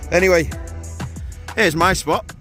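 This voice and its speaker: A man's voice: high voice, unhurried, a bit bright, faint music behind. A man hosting a fishing vlog in casual, jokey banter, often laughing and teasing his mate. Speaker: fishing video host.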